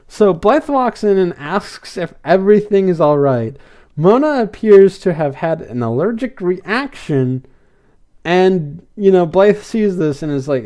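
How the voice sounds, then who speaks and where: A man's voice: fairly high pitch, very animated, measured pace, a little mellow. A man hosting a podcast, casually recapping a cartoon episode, rambling and repeating fillers as he goes. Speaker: podcast host.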